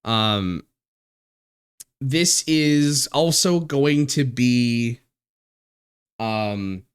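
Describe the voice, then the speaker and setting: A man streaming live, talking in a halting, emotional way with many restarts and swearing, close to tears. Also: mid-range voice, expressive, clear, resonant tone. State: near tears. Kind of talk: casual live-stream chat.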